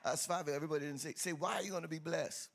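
Exuberant pastor with a church crowd. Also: male voice, fairly high pitch, fairly even intonation, fast talker. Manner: exuberant, teasing, sing-song, calls out to the crowd. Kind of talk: lively church sermon with congregation call-and-response. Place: church sanctuary with congregation. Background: faint crowd of churchgoers.

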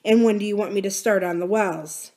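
A woman reading the part of a thoughtful older farmer, in a musing, gently philosophical manner. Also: sits high, steady tone, a little fast.

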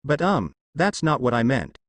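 A man's voice: mid-range voice, sing-song, moderate pace, no room sound. A man voicing a squeamish, earnest young male hunter who speaks hesitantly in a fan story reading.

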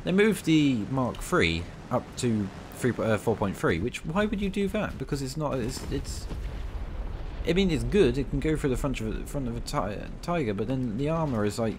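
At normal speed, a man narrates his tank gameplay for a video in a relaxed, talkative way, his pitch leaping as he celebrates, complains and teases opponents with pretend outrage. Light hiss sits beneath the audio.

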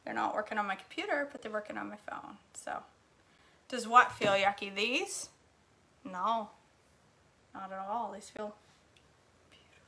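A middle-aged cooking vlogger chats casually while she cooks in her home kitchen, reading comments, telling stories and laughing often. Her medium-pitched voice is bright and forceful, a little slow, with frequent pauses.

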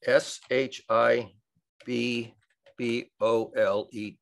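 An older man in a casual group discussion, telling wry stories in a lively, animated way. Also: medium pitch, extremely slow, creaky. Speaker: study group participant.

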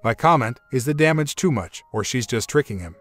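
A man narrating a relationship story in steady, scripted storytelling, with faint music behind. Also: medium pitch, brisk, no echo.

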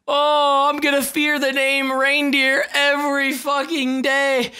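A hoarse man giving excited gameplay commentary, yelling and swearing as he plays. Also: very high-pitched, slow pace, few pauses. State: hoarse from shouting. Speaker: video game player.

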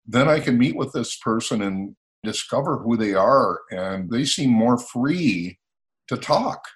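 With a medium-pitched voice and a measured pace, a sixty-something American motivational speaker recounts stories casually. He's animated in the telling and voices the quoted dialogue himself.

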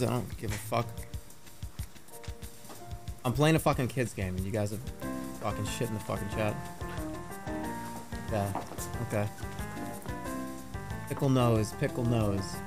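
A man's voice: mid-range voice, pitched below the performer's own voice. A man voicing a crude, constantly cursing Boston guy who smokes outside a drugstore, with a Boston accent. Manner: gruff, cursing constantly, calls people kid.

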